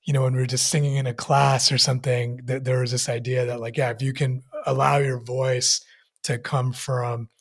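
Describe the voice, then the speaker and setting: A man muses aloud in a relaxed podcast chat, pausing to find his words. His voice is gravelly and a little husky. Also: mid-range voice. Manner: thoughtful, searching for words. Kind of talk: podcast conversation.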